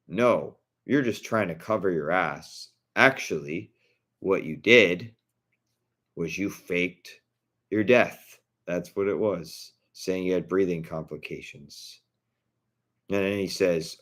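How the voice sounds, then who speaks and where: A man's voice: low-pitched, slow, fairly bright tone. A man talking casually to camera, blunt and indignant, swearing freely. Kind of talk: casual vlog rant.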